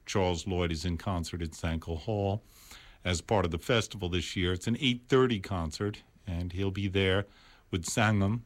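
A man's voice: low voice, moderate pace. A man with a New York accent hosting a live radio interview, cutting in with questions and announcing concert details. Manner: interjecting, announcer-style info. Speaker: radio host. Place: radio studio.

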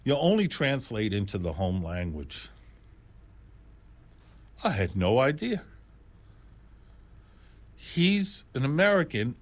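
An older man spins a casual jazz story, animated and full of exclamations. His pitch sits in an ordinary middle range, and he wanders into asides and restarts as he goes. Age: 60s or older.

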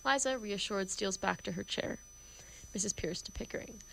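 A woman reading the stage directions of a play in a measured, plain way. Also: mid-range voice, creaky, a bit bright, slight background noise, rough recording. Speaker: narrator.

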